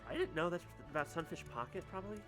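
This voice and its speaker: A man's voice: on the high side, animated, fast talker, music in the background. A young man giving sarcastic, chatty commentary while playing a video game. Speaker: let's play streamer. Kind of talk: casual gameplay commentary.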